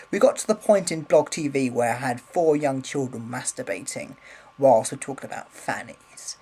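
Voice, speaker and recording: A man's voice: mid-range voice, measured pace, darkish tone, slightly rough, low-quality recording. A man rambling casually in a vlog, swearing freely, filming on a handheld camera. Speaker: vlogger.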